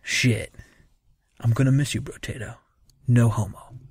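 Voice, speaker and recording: A man's voice: medium pitch, steady tone, unhurried, a little mellow, breathy edge, no echo, studio quality. A man performing a comic sketch as a crude, swaggering frat bro giving a eulogy.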